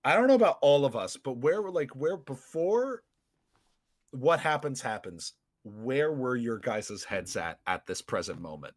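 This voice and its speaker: A man hosting a casual podcast chat, excitable and quick to laugh. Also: medium pitch, no echo. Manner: excitable, laughs often, shouts quoted lines. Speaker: podcast host.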